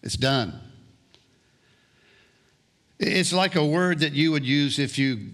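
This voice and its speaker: A male pastor preaching a sermon, slow and deliberate, often restarting and repeating words. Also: on the high side, animated, a bit bright.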